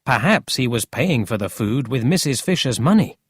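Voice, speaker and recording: A narrator reading a storybook slowly for English learners. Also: medium pitch, lively intonation, breathy edge, dry recording, clean studio sound.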